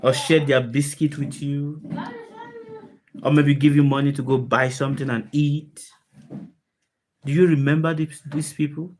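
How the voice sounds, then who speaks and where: A woman with a deep, low voice gives a spiritual talk to a group on a video call. She speaks with emphasis, keeps asking her listeners rhetorical questions and repeats her key phrases to drive them home. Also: steady tone, a little slow, pauses often, darkish tone. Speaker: spiritual teacher.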